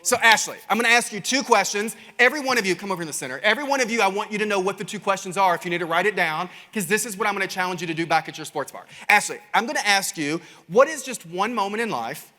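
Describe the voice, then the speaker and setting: Kentucky guy doing a keynote, high bright voice, big reverby hall. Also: fast, few pauses. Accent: Kentucky Southern. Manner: animated, chatty, addresses crowd as y'all. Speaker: keynote speaker. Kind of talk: energetic keynote storytelling. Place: large conference stage.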